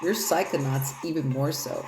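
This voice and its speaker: A woman's voice: deep voice, normal speed. A woman giving a loose, rambling tarot reading in casual, profane talk. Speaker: tarot reader. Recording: echoey room with loud music.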